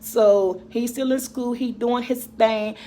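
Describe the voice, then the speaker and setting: A woman's voice: on the high side, steady tone, slow pace, dark tone, a little hiss or hum. A middle-aged woman vlogger and mother, chatting casually and rambling to her viewers about their comments, laughing often.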